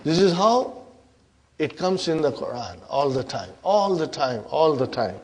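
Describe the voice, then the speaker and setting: Slow careful guy teaching grammar, urdu native, keeps going "huh?" and asking the class stuff. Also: on the high side, sing-song. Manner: keeps checking in with "huh?" and asks the class questions. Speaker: Arabic teacher.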